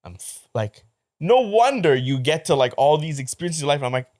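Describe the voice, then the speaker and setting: A man co-hosting a casual podcast, telling a story with animated delivery and dropping to a hushed voice when he quotes others. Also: a little high, fairly quick. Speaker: podcast co-host. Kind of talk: casual chat.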